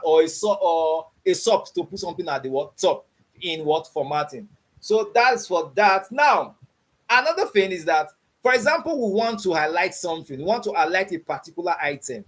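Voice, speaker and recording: A man teaching a beginners' coding class online, repeating his checks for understanding and quizzing the learners with open questions. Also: high-pitched. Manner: repeats "you understand what I'm saying?" and quizzes with "what?". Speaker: coding instructor.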